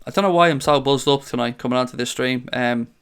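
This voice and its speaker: A man hosting a casual fan livestream from a green-screen home studio, reading chat aloud, excitable and swearing freely. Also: mid-range voice, quick pace, clear, resonant tone. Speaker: fan channel host reading live chat.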